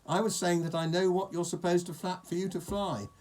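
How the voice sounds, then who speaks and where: A man voicing a slow-thinking, friendly male pig in a children's storybook, speaking in an eager, plodding way. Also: high-pitched, steady tone, a little mellow, pitched above the performer's own voice, close to an everyday voice. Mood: excited.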